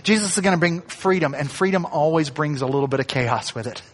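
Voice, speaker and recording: A pastor preaching a sermon in a conversational way, acting out quoted lines and adding light asides. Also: male voice, a little high, fast talker, big-room sound.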